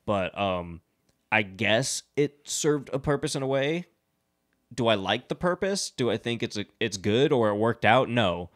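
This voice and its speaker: Excitable, laughing male podcast host. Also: mid-range voice, measured pace. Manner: excitable, laughing, swearing freely. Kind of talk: casual podcast chat.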